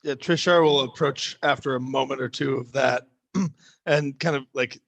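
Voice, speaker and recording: A man plays in a tabletop game and describes his character's actions in an offhand, casual way. His voice is mid-pitched, and the recording is close and dry. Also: steady tone, normal speed, vocal fry, no echo. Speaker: player.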